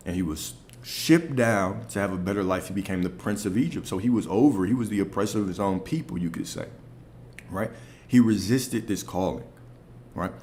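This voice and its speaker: A man with a deep, low-pitched voice talks through a spiritual lesson in a loose, conversational way. He keeps checking in with his listeners with quick rhetorical questions. A faint hiss sits under the recording. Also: a little mellow. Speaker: spiritual coach. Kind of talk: spiritual teaching monologue.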